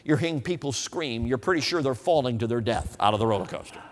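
A man's voice: mid-range voice, quick pace. A man preaching a humorous, folksy sermon, telling stories and often asking the audience whether they know what he means. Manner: folksy, animated, asks the audience. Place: church hall. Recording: reverberant hall.

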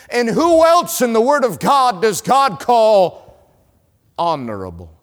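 Southern guy preaching a sermon, slow and drawn out, big hall echo on him. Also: high-pitched. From North Carolina, USA. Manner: storytelling, swings between loud and hushed. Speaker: evangelist.

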